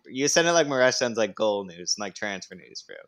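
A man's voice: on the low side, big pitch swings, fairly quick, a bit bright. A man co-hosting a podcast in casual banter, ribbing his friends brashly, swearing and calling them bro. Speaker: podcast co-host.

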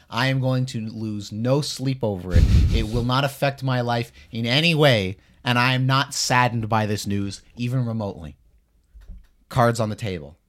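A man's voice: medium pitch, a bit bright. A man from Canada co-hosting a casual podcast, talking in a blunt, profane and emphatic way. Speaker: podcast co-host.

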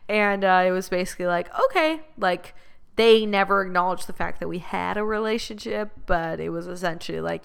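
A woman's voice: fairly low pitch, fairly quick, creaky, clean tone. A woman podcast host telling a personal story to her listeners, blunt and profane, slipping into rants.

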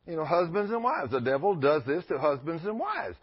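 Husky folksy preacher man. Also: on the high side, a little fast. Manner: folksy storytelling with animated quoted voices. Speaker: pastor. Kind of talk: sermon. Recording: dull lo-fi church recording.

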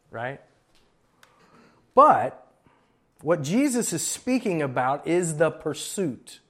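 A man preaching a sermon to a church congregation, animated and conversational, acting out quoted voices as he tells stories. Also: mid-range voice. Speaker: pastor.

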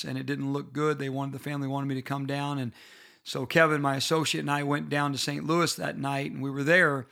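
Bright-voiced earnest pastor teaching leaders. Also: male voice, fairly high pitch. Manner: earnest storytelling, personal and emphatic. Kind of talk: bible-based leadership teaching.

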